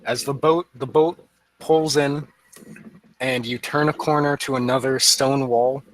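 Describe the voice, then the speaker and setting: A man narrating a tabletop game as game master, playful and quick to laugh. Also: medium pitch, fairly even intonation, rough recording.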